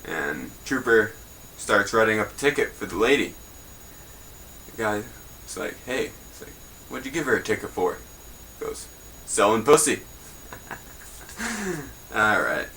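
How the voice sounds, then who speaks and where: Bright-voiced young man joking through news. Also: lowish voice, very animated, slow, long pauses, a little hiss or hum, poor audio. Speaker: host of a homemade news show. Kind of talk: casual mock newscast.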